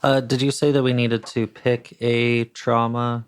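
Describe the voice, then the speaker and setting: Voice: medium pitch, little pitch movement, measured pace, clean tone. A player at a tabletop game, speaking hesitantly and asking questions. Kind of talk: casual tabletop game talk.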